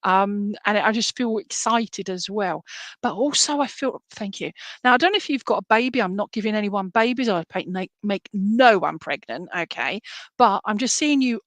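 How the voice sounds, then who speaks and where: A woman's voice: mid-range voice, animated, moderate pace, a bit bright, dry recording. A woman giving chatty, reassuring psychic readings on a live stream, full of fillers. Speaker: psychic reader.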